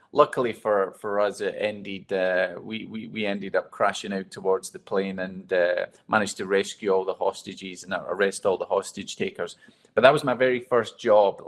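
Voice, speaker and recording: Man telling stories on stage. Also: on the low side. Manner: storytelling, candid and self-deprecating. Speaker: keynote speaker. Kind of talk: motivational talk to a live audience.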